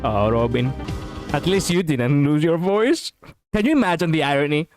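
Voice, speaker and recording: A man streaming casual reaction commentary, chatty and quick to laugh, on a close mic. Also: a little high, expressive, darkish tone, no echo, soft background music.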